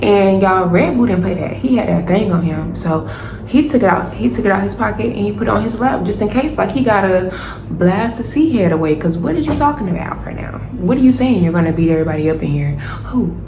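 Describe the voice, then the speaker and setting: A young woman telling a storytime to her viewers, animated and casual, addressing them directly. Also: mid-range voice, fairly quick. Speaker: vlogger. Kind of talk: storytime vlog. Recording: roomy echo, faint noise.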